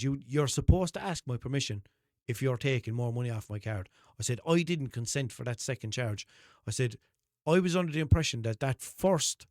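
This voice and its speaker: A young Irish man hosting a podcast, telling a story in a casual, animated monologue, swearing freely and acting out both sides of a phone call. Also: medium pitch, no echo, clean studio sound. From Ireland. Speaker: podcast host.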